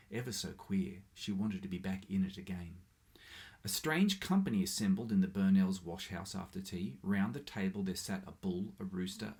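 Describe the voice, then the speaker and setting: A man with a low, gravelly voice reads a short story aloud. He keeps a steady, measured pace, with a few small slips along the way. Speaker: reader.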